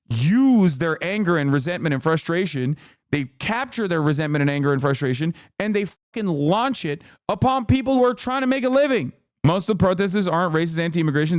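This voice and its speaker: A man reacting to news clips on a live stream. He talks bluntly and emphatically, swears a lot, and his voice sits fairly high. The sound is crisp and dry, with no room echo.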